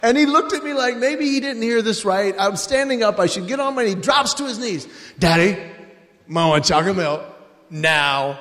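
A man telling a faith-based family story to an audience, animated and acting out the dialogue. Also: extremely high pitch, brisk, few pauses, big-room sound. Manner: animated, acts out dialogue in voices.

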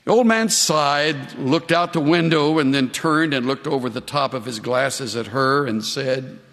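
Slow-talking older man preaching. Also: medium pitch, a bit bright. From Southern California. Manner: storytelling with humor, slow deliberate emphasis. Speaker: pastor. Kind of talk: sermon. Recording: long reverb of a large hall.

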